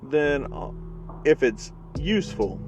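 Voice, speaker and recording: A man voicing a scheming young male goblin inventor who talks calmly and coldly, with music playing behind. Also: fairly high pitch, takes it slowly, pitched above the performer's own voice. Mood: calculating. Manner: calm, calculating, grandly menacing.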